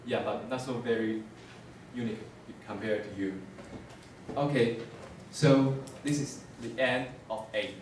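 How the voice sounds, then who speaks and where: A man's voice: mid-range voice, a little slow, a little hiss or hum. A young man giving a class presentation, hesitant with many fillers. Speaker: student presenter. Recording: echoey classroom from far off.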